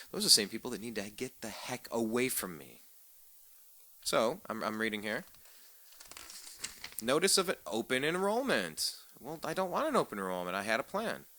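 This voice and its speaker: Brief: man, radio talk host, bright edgy tone, sarcastic rant with stumbling repeats. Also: fairly low pitch, no echo. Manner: sarcastic, ranting, repeats words when fired up. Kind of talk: political talk radio monologue.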